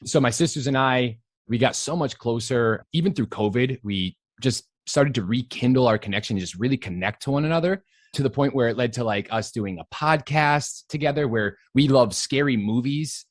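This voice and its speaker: A man's voice: medium pitch, normal speed, dry recording. A man in his thirties from Western Massachusetts, chatting animatedly as an interview guest, with lots of fillers and easy laughter. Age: 30s. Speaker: guest actor. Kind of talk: casual interview chat.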